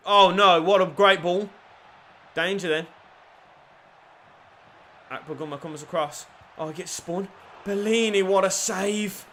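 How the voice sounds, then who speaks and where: A young man giving crude, cheeky commentary over a football video game, swinging from low mutters to shouted goals. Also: a little slow, pauses often, slight background noise. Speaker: gaming YouTuber. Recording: faint music behind.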